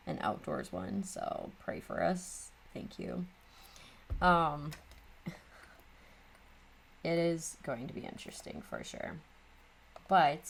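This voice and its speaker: A woman's voice: on the low side, slight background noise. A woman in her thirties with a Midwestern American accent, hosting a casual crafting vlog and rambling chattily with lots of ums. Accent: Upper Midwest American. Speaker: craft channel host.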